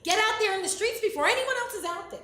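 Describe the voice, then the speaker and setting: A woman's voice: very high-pitched, expressive, quick pace, pushed and bright, slight background noise, heavily acted. A woman playing a flustered, anxious mother on a live stage. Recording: live stage with room echo.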